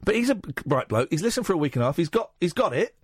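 A man hosting a late-night radio phone-in, blunt and jokey, swinging from loud rants to quiet asides. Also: a little high, very animated, rapid-fire, breathy edge, dry recording, clean studio sound. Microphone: studio microphone.

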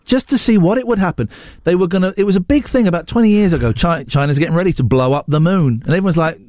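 A man's voice: high-pitched, fast, a little mellow, dry recording, studio quality. A man hosting a casual morning radio show, bantering in a playful, mock-indignant way. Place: radio studio. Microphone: studio microphone.

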